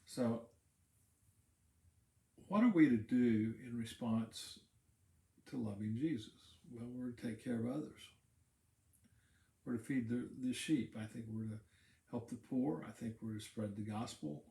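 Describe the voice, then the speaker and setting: A man's voice: medium pitch, a little slow, gravelly, long pauses, dark tone. A man, a pastor, giving a casual Bible teaching talk, explaining in a conversational way and repeating words while he thinks. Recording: roomy echo.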